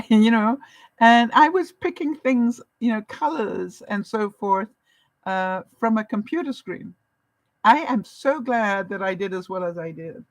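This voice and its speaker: A woman's voice: mid-range voice, unhurried, no room sound, low-quality recording. A woman, talking to camera as a vlogger in a chatty storytelling way, often breaking into laughs. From Canada. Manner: animated, chatty, laughs often while telling stories.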